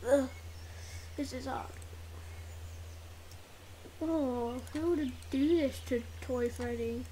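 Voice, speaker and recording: A woman's voice: high voice, takes it slowly. A woman playing a video game role-play, talking casually and exclaiming often with squeamish oh and ugh sounds. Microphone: desk mic. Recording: loud background noise.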